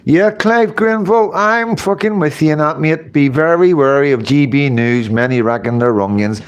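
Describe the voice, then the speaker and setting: A man's voice: on the high side, normal speed, clear, resonant tone. A man hosting a casual live stream, reading chat comments and rambling with repeated phrases and casual swearing. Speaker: livestream host reading chat.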